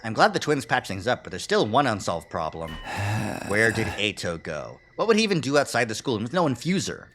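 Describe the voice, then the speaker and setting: A man's voice: on the low side, sing-song, normal speed, fairly bright tone, a little hiss or hum. A man streaming a video game, reading the narration aloud and making wry, joking asides. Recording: stream with faint game music.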